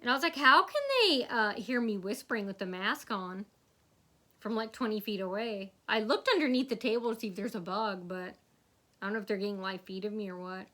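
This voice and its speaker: A woman's voice: medium pitch, a little fast. A young woman telling a long rambling story to camera, acting out other people's lines. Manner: rambling, acts out quotes in a loud shouting voice. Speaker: vlogger. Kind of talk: casual storytelling monologue.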